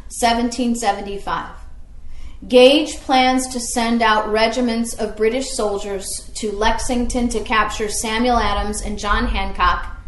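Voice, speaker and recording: A woman's voice: on the high side, roomy sound, a little hiss or hum. A woman teaching history as a story, asking her listeners questions along the way. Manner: storytelling, asks the audience questions.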